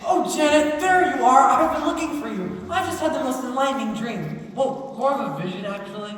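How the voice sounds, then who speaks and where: An actor playing an earnest, wide-eyed young groom on stage. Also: male voice, very high voice, brisk, a bit bright. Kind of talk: stage musical performance. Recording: distant echoey stage recording.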